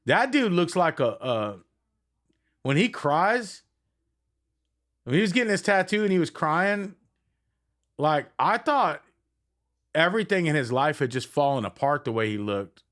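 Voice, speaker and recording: A man's voice: on the high side, very animated, unhurried, long pauses, fairly bright tone. A middle-aged man and band frontman chatting casually and affectionately to viewers on a live stream, rambling with many fillers.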